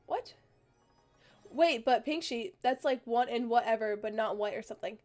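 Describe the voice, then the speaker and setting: A young woman streamer chatting casually, rambling and excitable, with lots of fillers and restarts, getting a little choked up. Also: a little high, normal speed, faint music behind. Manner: gets choked up and emotional.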